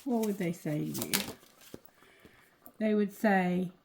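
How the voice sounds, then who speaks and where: A woman giving a casual tarot reading to her viewers, talking loosely and cursing, going quieter when she asks the cards. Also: lowish voice, lively intonation, takes it slowly, gravelly, background noise. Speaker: tarot reader.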